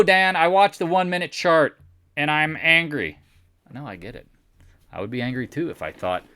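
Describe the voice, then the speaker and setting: Animated sarcastic man recapping the markets. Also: medium pitch, dry recording. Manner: sarcastic, mocks imagined viewers in put-on voices. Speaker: stock market video host. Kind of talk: casual market recap monologue.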